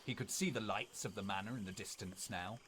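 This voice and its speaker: A man reading a spooky story aloud in a dramatic, expressive way. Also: on the low side, fairly quick, slight background noise.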